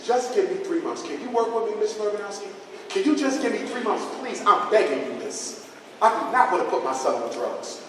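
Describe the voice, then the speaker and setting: A man's voice: very high-pitched, animated, measured pace, a little hiss or hum. A man voicing a young single mother pleading earnestly with a teacher, heard in an echoey hall from a distance. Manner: earnest, begging. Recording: echoey hall, mic far off.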